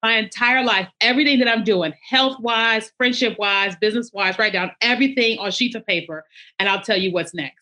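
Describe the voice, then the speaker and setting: A woman consultant telling stories as a podcast guest, animated and acting out what people said. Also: on the high side, brisk. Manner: animated, acts out quotes. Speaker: branding and marketing consultant, guest. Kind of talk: interview storytelling.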